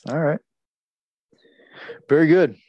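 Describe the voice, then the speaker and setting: A man co-hosting a casual chat, easygoing and quick to laugh along. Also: on the high side, a little mellow, dry recording, muffled recording. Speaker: podcast co-host.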